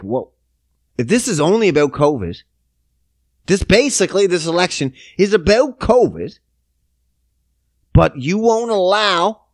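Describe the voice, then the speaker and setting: A man's voice: a little high, dry recording, clean studio sound. A man, hosting a podcast, ranting about politics, sarcastic and swearing constantly. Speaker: podcast host. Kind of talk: profane political rant.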